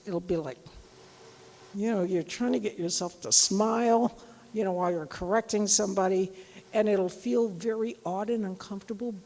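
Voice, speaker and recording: A woman giving a casual, chatty lecture on teaching, animated and full of asides. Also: medium pitch, long reverb tail, rough recording. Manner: chatty, animated, acts out quoted voices. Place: lecture hall.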